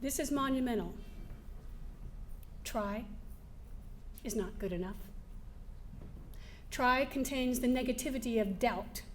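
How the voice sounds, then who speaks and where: Woman with a high voice doing a keynote, lively storytelling, little bit of room noise behind. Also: slow pace, long pauses. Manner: lively, laughing, acts out scenes. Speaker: motivational speaker. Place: event hall before a live audience.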